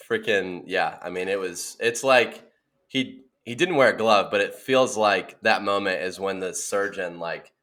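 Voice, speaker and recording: A young man co-hosting a casual chat, telling childhood stories with lots of laughter and quoting himself in a raised voice. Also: measured pace. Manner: animated storyteller, laughing often, acting out quotes in a high voice. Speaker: podcast co-host.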